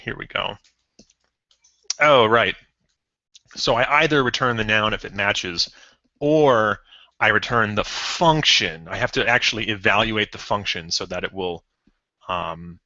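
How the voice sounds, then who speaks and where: Brief: a man coding live, bright, slow, thinking aloud, lo-fi dry mic. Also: lowish voice, no echo. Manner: thinks aloud with many ums and self-corrections; chuckles at odd results. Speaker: programmer streaming a coding session. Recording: dull lo-fi stream audio.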